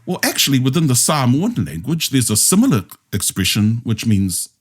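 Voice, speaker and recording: A man's voice: mid-range voice, sing-song, normal speed, breathy edge. A man with a New Zealand accent leading a language discussion, explaining patiently step by step and checking in with his listeners. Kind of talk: explanatory teaching chat.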